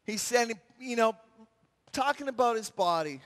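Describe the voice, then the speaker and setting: Lively male retreat speaker, high bright voice, acts out scenes, big hall reverb. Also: moderate pace. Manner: lively storyteller acting out scenes with shouts. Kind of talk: animated sermon.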